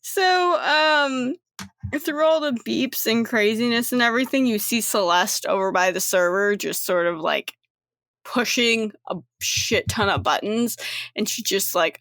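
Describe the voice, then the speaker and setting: A woman's voice: fairly high pitch, unhurried, fairly bright tone, dry recording. A woman running a tabletop game, narrating the scene with lots of fillers and laughs. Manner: laughing, filler-heavy storytelling. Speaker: game master.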